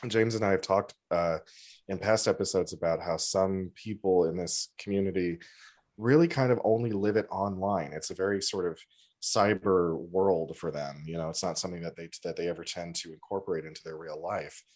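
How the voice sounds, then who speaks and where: A man's voice: sits low, normal speed, a little mellow. A man co-hosting a podcast, talking in a rambling, self-deprecating way and laughing easily. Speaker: podcast co-host. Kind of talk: casual podcast chat.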